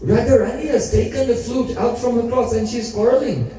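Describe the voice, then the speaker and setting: A man's voice: extremely high pitch, brisk, warm tone. A man voicing an urgent young hero. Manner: urgent commanding. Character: excited young male cowherd hero giving orders. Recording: echoey hall, mic at a distance.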